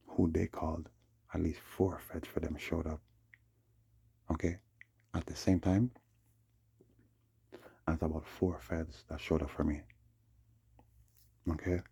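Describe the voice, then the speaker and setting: A man's voice: very deep voice, little pitch movement, unhurried, long pauses, mellow, dry recording, studio quality. A man in a rambling, agitated monologue, repeating himself and acting out what other people said to him. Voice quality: husky, gravelly. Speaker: vlogger. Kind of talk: rambling monologue recounting a dispute.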